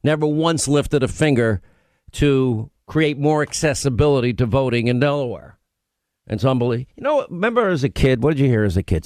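A man's voice: on the high side, lively intonation, brisk, dry recording. A man hosting a talk radio show, delivering an emphatic, rambling opinion monologue in a studio. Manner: emphatic, rambling, repeats phrases. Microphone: studio microphone.

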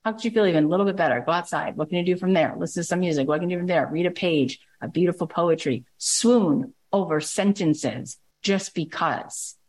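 A woman's voice: lowish voice, brisk, few pauses, darkish tone. A woman podcast host giving a passionate, emphatic motivational talk to her listeners.

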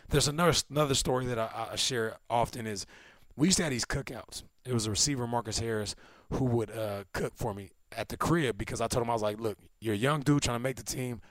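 A man in his thirties, a former football player, co-hosting a casual chat and telling stories with lively, acted-out quotes. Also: fast talker, dry recording, clean studio sound. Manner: animated storyteller, acts out quotes with big pitch swings. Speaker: podcast co-host, former NFL receiver.

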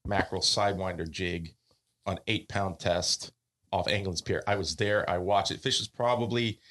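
A man guesting on a podcast, telling fishing and travel stories in a casual, animated way, acting out quotes and laughing often. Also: low-pitched, moderate pace, a little hiss or hum. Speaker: podcast guest, offshore fisherman. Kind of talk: casual storytelling.

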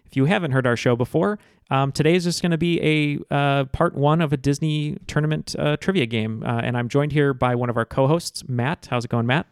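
Relaxed man hosting, lots of uhs. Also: medium pitch, fairly quick, few pauses, smooth, no room sound, studio quality. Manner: relaxed, filler-heavy with many uhs. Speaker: trivia podcast host. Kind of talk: casual podcast chat.

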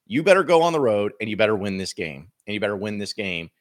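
A man's voice: fairly low pitch, sing-song, quick pace. A man hosting a sports podcast, giving casual commentary in a blunt, emphatic way full of rhetorical questions.

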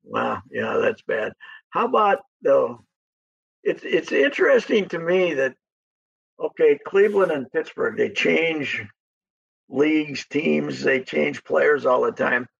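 Gravelly rambling man on a call-in line. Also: fairly high pitch, animated, highs cut off. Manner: rambling, halting, with frequent restarts. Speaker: regular guest sports commentator. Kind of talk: casual radio sports chat.

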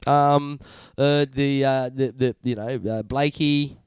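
A man's voice: medium pitch, steady tone, slow pace, clear, resonant tone, dry recording. A man hosting a podcast interview, chatting in a matey, rambling way with lots of swearing and fillers. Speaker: podcast host. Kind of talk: casual chat.

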